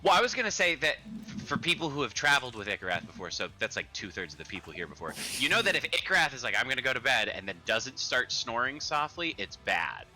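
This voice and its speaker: A man playing a tabletop game, talking in an animated, jokey way and swearing freely. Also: medium pitch, fast, soft background music. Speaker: player.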